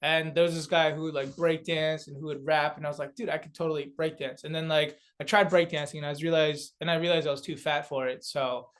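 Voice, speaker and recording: A young man from South Korea joins a comedy podcast as a guest, speaking smoothly in a fairly high voice, fairly quickly and with hardly any pauses. He laughs often and tells animated, filler-heavy stories in a relaxed chat.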